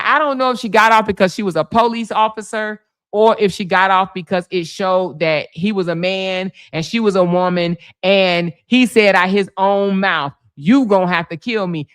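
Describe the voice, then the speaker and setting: Animated middle-aged woman streamer. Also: medium pitch, clean tone. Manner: animated storytelling, reads viewer comments aloud. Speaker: livestream host. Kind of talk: casual livestream chat.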